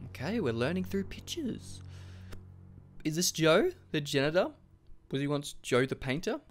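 Animated, foul-mouthed young male gamer. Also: on the high side, moderate pace, soft background music. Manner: profane, self-deprecating, jokey. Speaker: let's play gamer. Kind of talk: casual gaming commentary.

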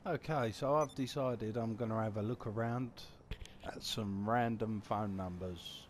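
Slow, joking man gaming. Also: lowish voice, slight background noise. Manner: joking, crude banter with game characters; mutters while reading numbers aloud. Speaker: gaming commentator. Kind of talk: casual game commentary.

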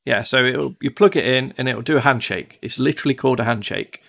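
A man's voice: mid-range voice, quick pace, gravelly, fairly bright tone. A man from the UK teaching one-to-one in a casual, chatty way, often acting out devices in silly voices. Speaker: tutor.

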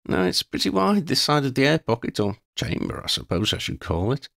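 A man voicing a young witch who leads a group, calm, firm and reassuring. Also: mid-range voice, a little fast, vocal fry, no echo, clean studio sound, pitched above the performer's own voice. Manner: reassuring, decisive.

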